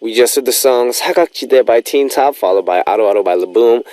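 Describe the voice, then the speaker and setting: A man's voice: mid-range voice, brisk, darkish tone, no echo. A young man hosting a radio show in a studio, chatting casually and rambling with lots of fillers.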